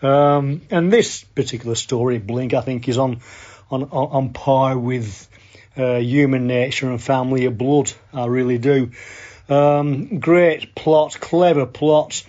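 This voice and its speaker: A cheery, chatty podcaster, put on by a man doing an impression of a friend. He chums along at an average pitch and keeps tagging his points with a friendly question. The sound is dull and lo-fi, like remote call audio. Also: steady tone, measured pace, a little mellow, lightly acted. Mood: cheerful. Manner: chummy, tags lines with "okay?". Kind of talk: impression of a friend giving feedback.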